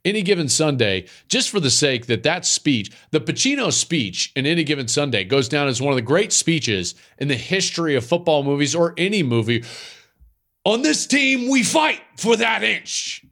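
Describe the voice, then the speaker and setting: A man's voice: on the high side, a little fast, few pauses. A man in his forties hosting a podcast, talking through a mailbag question in a casual, emphatic way with lots of "like" fillers. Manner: animated, emphatic, many "like" fillers. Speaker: podcast host.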